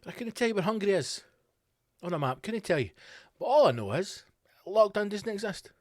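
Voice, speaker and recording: A man rants through a comedic podcast monologue, his pitch swinging wildly as he heaps sarcasm on his targets. His voice sits a touch high for a man, and the recording is close and dry. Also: a little fast, dry recording. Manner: sarcastic, sweary, animated rant. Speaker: podcast host.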